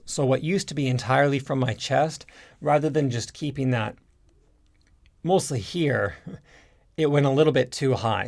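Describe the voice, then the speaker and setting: A man's voice: medium pitch, creaky. A man who teaches a language online, explaining things casually to camera with many fillers and restarts, and a stuffed-up nose from hay fever. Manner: relaxed, rambling, frequent fillers and restarts.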